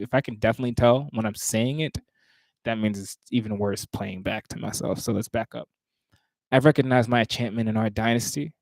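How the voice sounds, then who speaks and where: A man rehearsing his own spoken word poetry, reciting lines, stopping, and talking to himself about pauses before starting over. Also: no room sound. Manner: stops and restarts lines, talks asides to himself; rises louder and higher when reciting.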